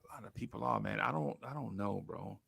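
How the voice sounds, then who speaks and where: A man hosts a casual sports podcast, rambling easily and dropping slang as he goes. His voice is heavily gravelly with plenty of vocal fry. It sounds close and dry, with no room around it. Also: lowish voice, brisk, fairly bright tone, no echo. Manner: laid-back, rambling with restarts and slang. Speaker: podcast host.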